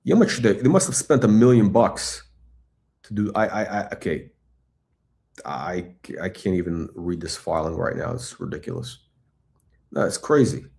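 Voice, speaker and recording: A middle-aged man hosting a live stock chat, talking in an excitable, blunt, repetitive way and swearing now and then. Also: on the low side, creaky. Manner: excitable hype, blunt, swears, repeats himself. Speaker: stock channel host. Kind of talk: livestream stock chat reading chat questions.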